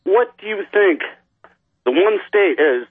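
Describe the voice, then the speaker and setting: A man's voice: high voice, animated, slow pace, slightly rough, no room sound. A man from Canada calling in to a radio show, rambling and joking as he makes his point. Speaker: caller. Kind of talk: call-in over the phone. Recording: dry, tinny phone line.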